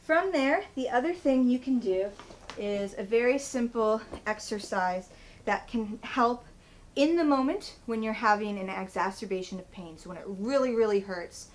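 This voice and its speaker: A woman's voice: a little high, moderate pace, slight background noise, poor audio. Woman pt in her 30s showing stretches on camera, chatty, laughs at herself. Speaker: physical therapist. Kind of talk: instructional vlog demo.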